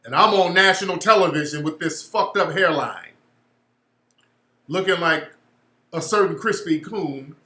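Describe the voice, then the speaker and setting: A man speaking hosts a loose livestream in an echoey room. His voice runs slightly high and bright, and he tells his stories in a blunt, profane, animated way. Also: a little slow, pauses often. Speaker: show host. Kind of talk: casual livestream talk.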